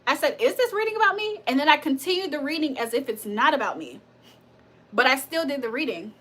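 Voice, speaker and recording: A woman's voice: high voice, animated, a little fast, a bit bright. A woman hosting a tarot livestream, telling stories in a casual, chatty way, laughing often and swearing freely. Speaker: tarot reader and livestream host. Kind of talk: casual livestream storytelling and chat.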